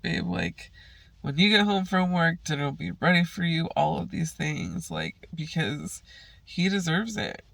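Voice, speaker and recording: Young guy ranting and cussing nonstop, lots of sighs, bright voice, dead dry sound. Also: fairly high pitch, vocal fry, no echo. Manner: profane, heated ranting with sighs. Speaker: vlogger. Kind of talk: venting monologue.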